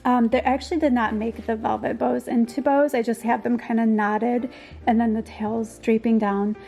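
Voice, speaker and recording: A woman's voice: on the high side, fairly even intonation, normal speed, creaky, warm tone, soft background music. A woman narrating a casual home decor tour, gushing and enthusiastic, with frequent ums and likes and a slightly worn voice. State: slightly losing her voice.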